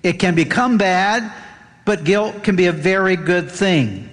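A man's voice: measured pace, fairly bright tone. A man preaching an earnest sermon as pastor, lifting his voice when he reads scripture aloud. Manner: earnest, rises in pitch reading scripture aloud. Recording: long hall reverb.

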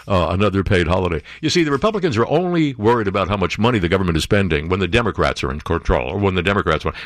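A man's voice: mid-range voice, fairly bright tone, no echo. A man hosting a political talk radio show, delivering an impassioned monologue full of repeated rhetorical questions.

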